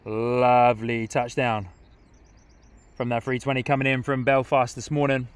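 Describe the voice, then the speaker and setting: A man's voice: mid-range voice, little pitch movement, moderate pace, smooth. A young man casually hosting a live stream outdoors at an airport, reading viewer comments aloud and laughing often. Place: outdoors at an airport viewing spot.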